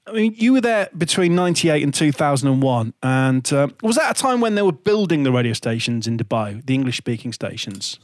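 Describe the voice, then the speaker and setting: A man's voice: medium pitch, lively intonation, a little fast, few pauses, no echo, studio quality. A man hosting an interview, asking his guest questions in a hesitant, searching way. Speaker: podcast host interviewer.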